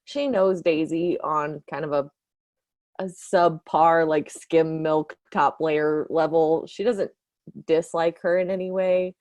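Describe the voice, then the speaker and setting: A woman with a notably low voice plays a tabletop horror game, talking through her character in a loose, rambling way, full of fillers. The sound is dry and close. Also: steady tone, takes it slowly, darkish tone, dry recording. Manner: rambling, filler-heavy, casual. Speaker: player. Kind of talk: tabletop role-play, describing her character.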